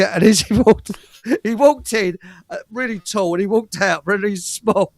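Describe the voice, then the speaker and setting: A man's voice: high voice, normal speed, no room sound. An older man, host of a live stream, telling stories in a rambling, stammering way and chuckling often. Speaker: show host. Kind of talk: casual storytelling on a live stream.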